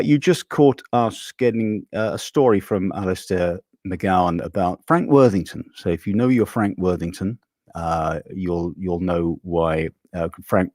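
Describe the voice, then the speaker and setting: A man hosting a live stream, rambling a little with many ums and restarts, animated and quick to laugh. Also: low-pitched, dry recording. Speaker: host.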